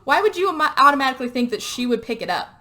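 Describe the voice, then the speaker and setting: A young woman co-hosting a podcast, casually recapping a movie in an animated, chatty way full of "like" and "you know". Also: sits high, rapid-fire. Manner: animated retelling full of "like" and "you know", breaking into quoted voices. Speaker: podcast co-host.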